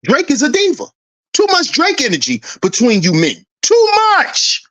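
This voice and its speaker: A man's voice: extremely high pitch, wildly swooping pitch, moderate pace. A man hosting a commentary channel, preaching an emphatic rant that repeats lines for effect and swears freely. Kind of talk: ranting social commentary.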